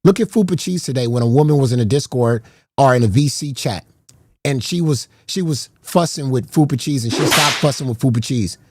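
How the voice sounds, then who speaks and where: A man's voice: medium pitch, fairly quick, darkish tone, husky. A man streaming a heated, profane rant, confrontational and repeating himself as he calls out rivals. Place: garage.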